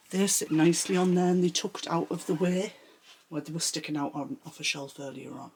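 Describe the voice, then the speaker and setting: A woman's voice: sits low, normal speed, gravelly, a little mellow, a little hiss or hum. A woman giving a chatty tour of her home sewing room, a little out of breath as she walks the camera round. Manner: chatty, rambling, shows things as she talks. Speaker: sewing vlogger. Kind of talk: casual room-tour chat.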